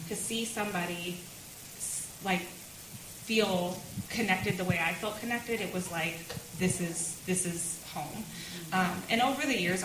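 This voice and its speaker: A woman in her thirties giving a chatty personal testimony at a women's church gathering, laughing often between her words. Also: on the low side. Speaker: speaker sharing her testimony. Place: church meeting room. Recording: roomy sound with background noise.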